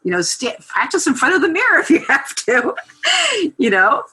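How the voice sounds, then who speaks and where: A woman's voice: sits high, normal speed, rough recording. A middle-aged woman talking casually as a podcast guest, telling stories with many fillers. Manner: chatty, animated storyteller with lots of fillers. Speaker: guest copywriter.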